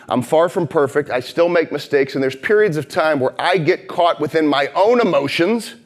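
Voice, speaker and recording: A man in his thirties from St. Louis, delivering a motivational keynote on stage and telling stories with swings from heated and loud to hushed and slow. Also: a little high. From St. Louis, Missouri. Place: conference stage before a live audience.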